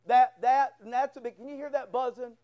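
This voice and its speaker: A man's voice: extremely high pitch, little pitch movement, brisk, clear, resonant tone, dull audio. A male pastor preaching a sermon in church, telling a folksy story and acting out both sides of a conversation. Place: church sanctuary.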